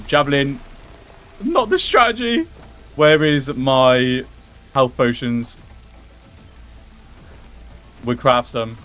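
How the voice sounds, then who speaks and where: A man streaming a game and narrating his fight out loud, jumping from muttered planning to excited yelps and cursing, his pitch sitting right in the middle of the usual male range. Faint game music plays underneath his voice. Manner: excitable, swears, talks to himself and the game character. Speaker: gameplay streamer. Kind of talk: live gameplay commentary.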